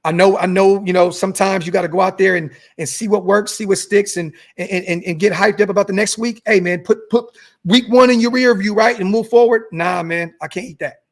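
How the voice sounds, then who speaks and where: A man's voice: high-pitched, steady tone, fairly quick, gravelly. A young man hosting a sports podcast livestream, fired up and cursing as he reads out chat messages and repeats himself. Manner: fired-up, swears, repeats words, reads superchats aloud. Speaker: podcast host reading live chat. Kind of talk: animated sports talk livestream.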